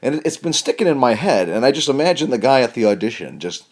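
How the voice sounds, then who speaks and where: Middle-aged guy doing a rambly deadpan comedy bit, voice bouncing all over the place. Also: medium pitch, fast talker. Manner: deadpan, meandering, bursts into loud mock-shouted line readings. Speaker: comedian, podcast host. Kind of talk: rambling comic monologue.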